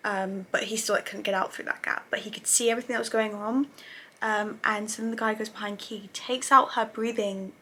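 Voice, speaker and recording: A woman's voice: mid-range voice, fairly even intonation, fairly quick, pushed and bright, husky. A young woman casually recapping TV episodes, chatty and gushing, with lots of fillers and self-corrections. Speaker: TV review vlogger.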